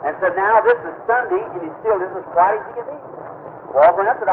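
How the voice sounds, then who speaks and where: A man's voice: high voice, lively intonation, fairly quick. A man preaching, retelling conversations in a folksy, emphatic way. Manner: earnest, emphatic preaching cadence. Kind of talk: sermon storytelling. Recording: tinny lo-fi old recording with noise.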